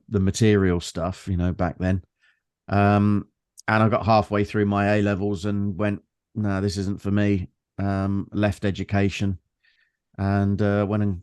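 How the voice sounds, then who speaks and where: A low-pitched man in his fifties with a London accent talks in a reflective, meandering way. He often stops to fill gaps as he recalls stories. The sound is close and dry, with no room around it. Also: darkish tone, dry recording. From London, England. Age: 50s. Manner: reflective, meandering storyteller with frequent fillers. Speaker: guest. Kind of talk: casual conversation.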